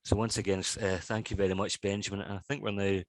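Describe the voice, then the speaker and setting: A man chairing an online event, thanking a speaker and introducing the next, polite and a little halting. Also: on the low side, level tone, dry recording.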